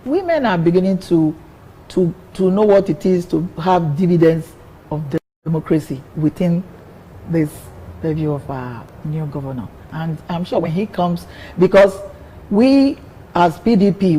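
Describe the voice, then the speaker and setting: A woman's voice: fairly low pitch, unhurried, dark tone, husky, poor audio. An older woman, a politician answering interview questions in an earnest way, often repeating words as she builds her point. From Nigeria.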